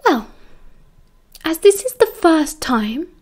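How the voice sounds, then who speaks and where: Female narrator doing a teenage girl prefect, British, exasperated and authoritative, high-voiced. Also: very animated, darkish tone. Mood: bossy. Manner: brisk, quizzing, authoritative.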